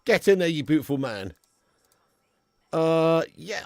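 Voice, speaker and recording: A young man hosting a live football stream, bursting into loud hype and then falling to low mutters. His voice sits fairly high with a gravelly, fry-laden edge. The sound is close and dry, with no room around it. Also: slow, long pauses, no room sound. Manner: excitable, banter-heavy, swings from loud hype to low mutters. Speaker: football watch-along streamer.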